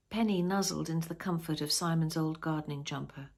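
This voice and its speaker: A woman's voice: on the low side, fairly quick, creaky, hardly any pauses, slightly rough. A woman reading her own novel aloud, chatting and joking between chapters. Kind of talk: storybook reading and casual chat.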